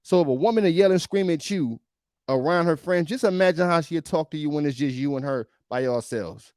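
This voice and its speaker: A man's voice: a little high, animated, fairly quick, darkish tone, smooth, no room sound, studio quality. A male podcast host giving emphatic, preachy reaction commentary on a video, often repeating himself.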